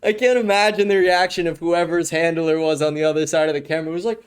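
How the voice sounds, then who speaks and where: A man's voice: fairly high pitch, steady tone, quick pace, few pauses, clean tone. A young adult man hosting a podcast and reacting to a video clip in a rambling, profane, casual way. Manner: rambling, frequent swearing, restarts. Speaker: podcast host.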